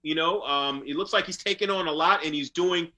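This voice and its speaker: A man's voice: on the high side, fairly quick, pushed and bright, rough recording. A man co-hosting a casual sports talk show, joking around with corny dad jokes. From New York. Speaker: podcast co-host.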